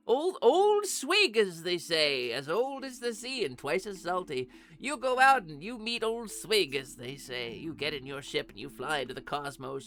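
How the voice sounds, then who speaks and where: A woman streaming live and chatting casually with her viewers, excitable and talkative, swearing freely and breaking into sudden squeaky outbursts. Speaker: VTuber streamer. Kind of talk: casual livestream chat.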